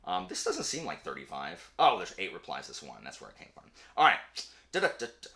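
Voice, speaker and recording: Young male host, casual and animated, bright voice, prone to rants. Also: low-pitched, gravelly. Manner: animated, ranting, quick asides. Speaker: channel host; teacher. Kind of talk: casual chat.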